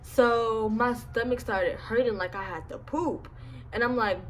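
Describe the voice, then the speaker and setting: A woman's voice: on the high side, unhurried, a little hiss or hum, low-quality recording. A young woman with a lisp from braces, telling a casual storytime at home in a chatty, slangy way. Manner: chatty, slangy, animated retelling. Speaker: vlogger. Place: home, indoors.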